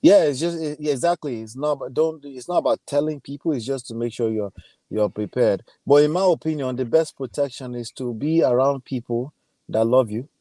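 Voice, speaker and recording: Mellow-voiced Nigerian man giving earnest advice. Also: mid-range voice, brisk, dry recording. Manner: hesitant, with many fillers and restarts, earnest advice. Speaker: guest. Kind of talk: casual live-stream chat.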